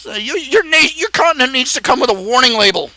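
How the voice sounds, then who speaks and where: A man hosting a live stream, talking in a casual, animated ramble, repeating phrases and laughing at his own jokes. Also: very high voice, fast talker, no room sound, rough recording.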